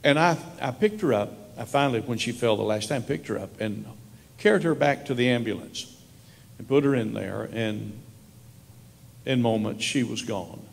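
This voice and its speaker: A man preaching a sermon as a pastor, telling stories and moving from hushed, slow lines to raised ones. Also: medium pitch, lively intonation, creaky, long reverb tail. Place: church sanctuary.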